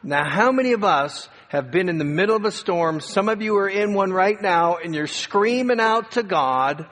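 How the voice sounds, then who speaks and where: Male pastor, dramatic sermon delivery, loud cries to soft hush, slightly high voice, long hall reverb. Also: lively intonation, measured pace. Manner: dramatic preacher, swings from loud cries to hushed tones.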